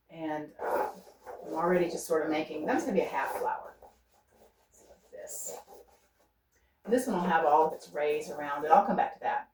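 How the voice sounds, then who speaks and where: A woman's voice: fairly low pitch, slight background noise. A woman talking through her painting as she works, thinking aloud and coaxing herself to stay loose and not fuss over details. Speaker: painter demonstrating. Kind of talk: unscripted painting demonstration. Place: art studio. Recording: roomy studio sound from a distance.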